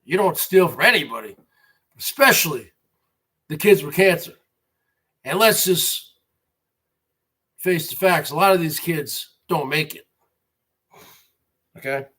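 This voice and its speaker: Slow, indignant high-voiced man ranting. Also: animated, sharp tone, slightly rough. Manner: indignant, repetitive, slow and emphatic. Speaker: livestream host. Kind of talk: ranting livestream commentary.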